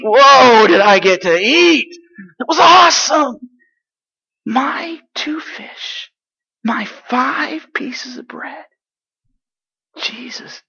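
A man playing an eager eight-year-old boy from Galilee in a dramatic first-person monologue, chatty and excitable, sometimes dropping to hushed asides. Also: extremely high pitch, breathy edge, exaggerated voice. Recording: dull lo-fi recording.

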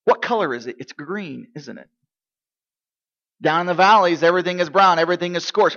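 High bright-voiced male pastor preaching. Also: lively intonation, fairly quick, muffled recording. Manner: asks the congregation rhetorical questions, swings from quiet to loud. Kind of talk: sermon.

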